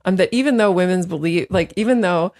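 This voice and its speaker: Low-voiced woman hosting a science chat. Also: fast, darkish tone. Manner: thinks aloud, frequent affirming murmurs. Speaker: podcast host. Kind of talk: conversational interview.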